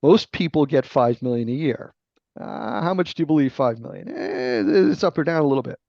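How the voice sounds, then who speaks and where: A middle-aged man with a gravelly voice, a guest author explaining sales ideas in a teacherly, emphatic interview manner. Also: mid-range voice, a little fast, a little mellow, no echo. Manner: emphatic, teacherly, checks in with "right?". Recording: dull lo-fi dry remote audio.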